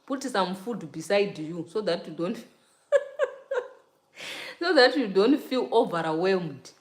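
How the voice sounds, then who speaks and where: A woman's voice: mid-range voice, expressive, takes it slowly, echoey room. A young adult woman chatting casually with viewers during a hair-care livestream, laughing often and asking "you get it?". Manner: repeats "you get it?" and "child". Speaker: natural hair vlogger. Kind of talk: casual livestream chat while taking down braids.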